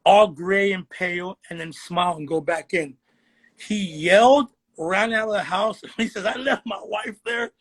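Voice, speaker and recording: A man guesting on a podcast tells an eerie story in an earnest way and slows down on the creepy parts. His voice is fairly high for a man, with a husky edge. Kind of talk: casual chat, storytelling.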